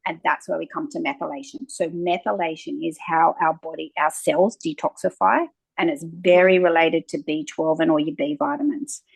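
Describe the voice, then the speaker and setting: A woman's voice: low voice, normal speed, creaky, slightly rough, no room sound, poor audio. A woman, a naturopath guest talking at length in an interview and acting out little exchanges as she tells stories. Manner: animated storyteller, acting out quoted exchanges. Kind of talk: conversational interview.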